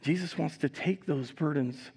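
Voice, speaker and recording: A male pastor giving a communion sermon in a live church service, reading scripture expressively and adding relaxed, conversational asides. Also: on the high side, moderate pace, breathy edge. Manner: reads scripture expressively, raising voice for quoted speakers.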